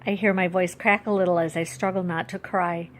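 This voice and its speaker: A woman author reading her own children's book aloud, with expressive storytelling that rises and slows for emphasis. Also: fairly low pitch, slight background noise.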